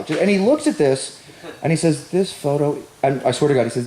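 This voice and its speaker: A man's voice: fairly high pitch, expressive, fast talker, warm tone, slight background noise. A man doing a stand-up comedy set, telling a rambling self-deprecating story and bantering with the audience. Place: large echoey venue with live audience. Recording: roomy live stage recording.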